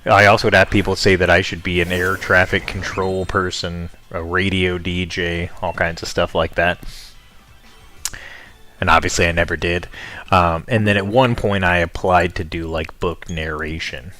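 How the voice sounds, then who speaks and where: Young American male streamer, very low voice, casual rambling chat. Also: level tone, normal speed, sharp tone. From United States. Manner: rambling, chatty, offhand. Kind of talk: casual chat with viewers while playing.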